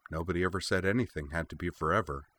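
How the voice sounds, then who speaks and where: A man's voice: sits low, fast talker, a bit bright. A man voicing a wry young woman warrior. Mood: gentle.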